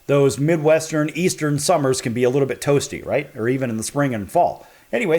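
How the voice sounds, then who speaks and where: A man from the Chicago area hosting a broadcast talk show, telling a story in an animated, chatty way. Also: mid-range voice.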